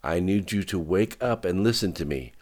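An audiobook narrator voicing a commanding agent who gives urgent orders. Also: male voice, sits low, expressive, normal speed, darkish tone, voice pushed up. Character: commanding male agent, Smith.

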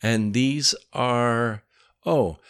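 A man's voice: medium pitch, extremely slow, fairly bright tone, voice pushed up. A man reading the part of a breezy, joking man in an audiobook. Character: joking, easygoing man, a driver.

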